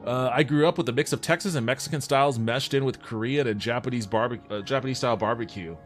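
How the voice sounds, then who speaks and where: A man riffs casually with his viewers on a livestream, reading their messages aloud and answering them. His talk is loose and sprinkled with swearing. Faint music sits softly in the background. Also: mid-range voice, quick pace, hardly any pauses. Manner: laid-back and profane, reads chat aloud and answers it.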